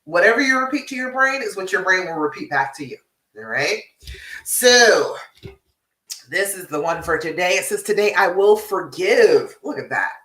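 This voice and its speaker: A woman relationship coach talks to her live-stream audience in a bright, sharp voice. She is direct, frank and encouraging, often checks in with her listeners and laughs easily. She sits a little back from the mic in an echoey room. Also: on the low side, very animated, moderate pace, distant mic. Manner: direct and encouraging, tag questions like "all right?".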